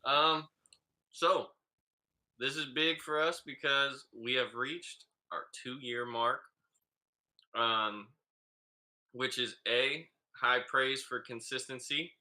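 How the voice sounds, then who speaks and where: A man co-hosting a casual podcast, talking in a loose, relaxed way with many filler pauses. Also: mid-range voice. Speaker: podcast co-host.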